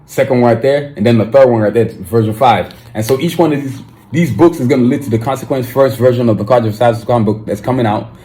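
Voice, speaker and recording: A young man hosting his own podcast, talking casually and excitedly, with slang and frequent restarts. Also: medium pitch, fast. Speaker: podcast host. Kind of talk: casual solo podcast monologue.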